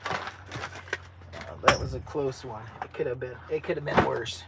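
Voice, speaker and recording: A man's voice: mid-range voice, measured pace, creaky. Laid-back man muttering at a noisy campsite. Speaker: vlogger. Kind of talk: casual camping vlog. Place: outdoors at a campsite by a tent.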